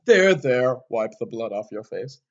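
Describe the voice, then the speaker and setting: A man's voice: mid-range voice, sing-song, measured pace, dull audio. A man voicing a lovesick, melodramatic teenage goth boy. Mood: soothing.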